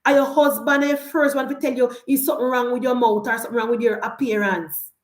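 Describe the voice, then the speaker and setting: A woman's voice: on the high side, fairly even intonation, quick pace, reverberant. Fiery Jamaican woman ranting in patois. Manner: fiery, switches between patois and standard English. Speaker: political commentator. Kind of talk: heated political rant.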